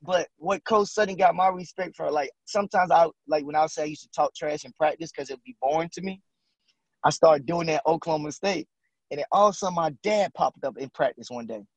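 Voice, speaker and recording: A man's voice: on the high side, brisk, no echo, poor audio. A man, telling stories as a podcast guest, acting out quotes and laughing often. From Houston, Texas. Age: late 30s. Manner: animated storyteller, acts out quotes, laughs often. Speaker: guest, former basketball player. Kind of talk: casual storytelling interview.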